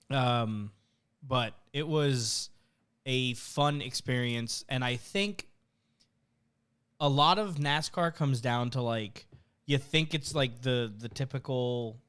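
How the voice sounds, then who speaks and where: Young man with a smooth, clear voice. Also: medium pitch, slow pace, long pauses. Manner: animated, laughing storyteller. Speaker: podcast co-host. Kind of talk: casual chat.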